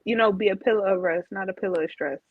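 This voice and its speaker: Animated woman on a dull, dry line. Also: medium pitch, fast talker, slightly rough, no echo. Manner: animated storyteller, acts out quotes. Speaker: podcast co-host. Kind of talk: casual chat.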